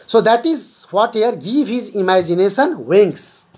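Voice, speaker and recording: Slow, husky woman teaching a lesson. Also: medium pitch, animated. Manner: patient, explains step by step and repeats key words. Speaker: English teacher. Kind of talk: classroom vocabulary lesson.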